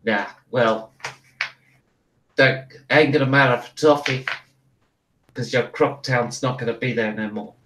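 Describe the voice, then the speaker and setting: A man voicing a cocky male kangaroo king in a tabletop game, with a gruff, bragging, put-on Australian accent that slips. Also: mid-range voice, a little slow, long pauses, a bit bright, far from the mic, a little hiss or hum, natural voice, rough recording. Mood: boastful.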